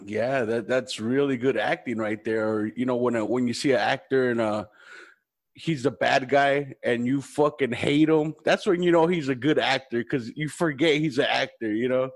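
A male podcast host chats in a laid-back, loose way and swears casually. His voice sits at an ordinary middle pitch. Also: steady tone, normal speed.

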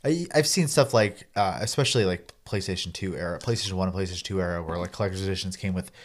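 A man's voice: low-pitched, quick pace. A man co-hosting a casual gaming podcast, speaking bluntly with some sarcasm and frequent restarts. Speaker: podcast co-host.

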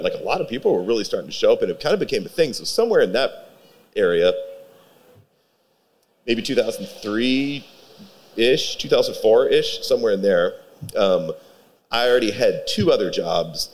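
Man, interview guest, low voice, rambling, lots of fillers and restarts. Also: animated, fairly quick, darkish tone. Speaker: guest, pitmaster. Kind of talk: casual interview chat.

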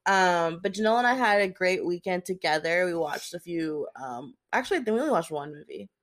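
A woman's voice: lowish voice, animated. A young woman co-hosting a podcast, chatting casually and laughing often. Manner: quick, laughing, conversational. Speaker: podcast co-host. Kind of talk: casual chat.

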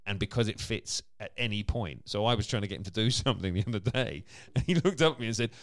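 A man's voice: on the low side, fast, no echo, clean studio sound. A man co-hosting a casual podcast chat, chatty and laughing often. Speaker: podcast co-host.

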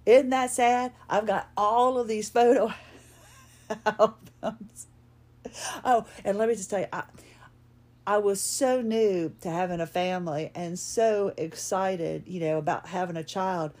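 A woman's voice: mid-range voice, fairly even intonation, a little slow, a little mellow. A middle-aged woman, hosting a podcast, talking in a casual, rambling personal monologue full of restarts. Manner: chatty, rambling, frequent restarts and laughs. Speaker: podcast host.

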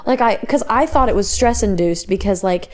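A woman's voice: medium pitch, animated, normal speed, a little mellow. Teasing, candid young woman podcaster. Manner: teasing, candid, laughs often. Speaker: podcast co-host. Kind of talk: casual chat.

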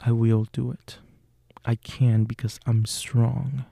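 A man speaking calmly and slowly, guiding a self-help visualization. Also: mid-range voice, vocal fry, no echo.

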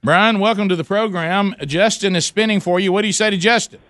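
A man hosting a radio call-in show, calling a prize wheel and chanting and shouting as it spins. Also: high voice, fairly even intonation, a little fast.

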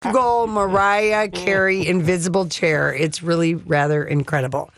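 A woman's voice: lowish voice, steady tone, normal speed, no room sound, clean studio sound. A woman co-hosting a casual radio show, teasing and laughing with her partners. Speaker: radio co-host. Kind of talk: casual morning radio chat.

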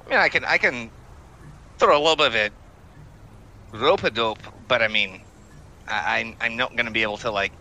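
A man's voice: mid-range voice, a little fast, pauses often, sharp tone, a little hiss or hum, rough recording. A man playing a tabletop game, talking in a hesitant, rambling way full of fillers. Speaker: player. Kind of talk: tabletop role-play chat.

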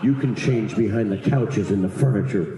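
A man telling a long, rambling, profane comic story in casual chat, jumping into loud put-on voices for the people in it. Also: on the low side, moderate pace. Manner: rambling, profane, acts out other people's lines with big voice jumps. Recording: very echoey room.

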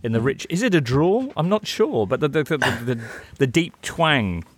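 A man's voice: a little high, sing-song, normal speed, a little hiss or hum. A man hosting a football podcast, steering the chat with wry, theatrical phrasing. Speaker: podcast host.

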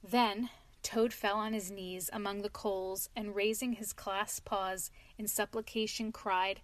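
A woman narrating a storybook aloud in an expressive, even storytelling manner. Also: medium pitch, a little slow, dry recording. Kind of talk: storybook reading.

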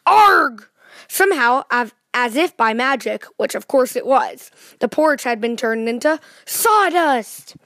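A woman with a high, bright voice reads a children's storybook aloud. She tells it in a lively way and turns to her young listeners with questions. The sound is dry and close, with little room. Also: measured pace, hardly any pauses, dry recording.

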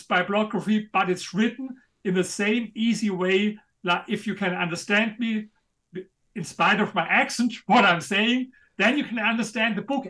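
German accent guy, high bright voice, pushy and emphatic, stumbles on words sometimes. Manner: emphatic, a bit halting, non-native grammar. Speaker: author and guest. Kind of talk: interview conversation.

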